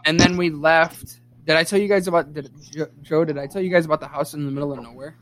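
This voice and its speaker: A man's voice: on the high side, steady tone, fast talker, fairly bright tone. A man hosting a podcast, telling a story in a rambling, profane way, full of restarts and fillers. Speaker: podcast host. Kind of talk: casual storytelling chat.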